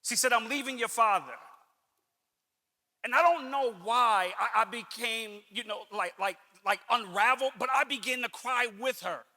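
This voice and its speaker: Middle-aged male motivational speaker, earnest storyteller, very bright tense tone, reverberant hall. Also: very high-pitched, normal speed, hardly any pauses. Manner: earnest, conversational, repeats phrases for emphasis. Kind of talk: motivational talk, personal story.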